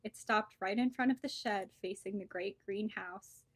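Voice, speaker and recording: A woman's voice: medium pitch, moderate pace, no room sound. Woman reading a children's book, dry sound. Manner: lively, expressive storytelling. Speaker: bookseller.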